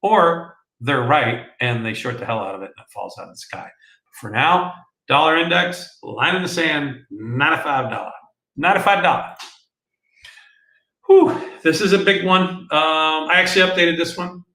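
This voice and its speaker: A man hosting a market show, talking through charts in a casual, animated way and calling his viewers folks. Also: fairly high pitch, normal speed, reverberant, rough recording. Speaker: market analyst host.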